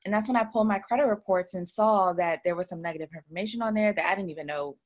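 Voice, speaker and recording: In a casual interview, a woman who owns a credit repair business recounts her story, using plenty of filler words. She speaks fast with a medium-pitched voice.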